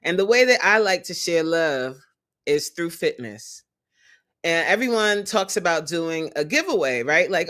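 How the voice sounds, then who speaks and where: A fitness coach hosting a casual livestream, animated and openly emotional, laughing often and greeting viewers in the chat by name. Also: medium pitch, unhurried.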